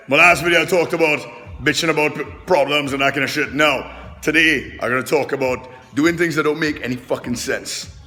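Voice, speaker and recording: Loud, animated, profane male trainer. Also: medium pitch, big-room sound. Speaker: personal trainer and vlogger. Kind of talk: loud casual monologue to camera. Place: fitness gym.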